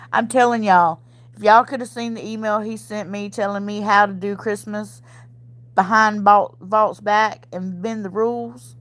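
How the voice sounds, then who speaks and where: Slow-talking Southern woman chatting. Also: mid-range voice, fairly bright tone, no room sound. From Mississippi, US. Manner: chatty, laughs often, talks to viewers as y'all. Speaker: livestream host reading chat. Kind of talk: casual chat.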